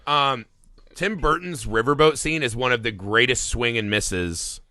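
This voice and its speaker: A man in his thirties co-hosting a film podcast, profane and animated, often mocking in high voices. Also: measured pace, dry recording. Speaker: podcast co-host. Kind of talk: casual film podcast chat.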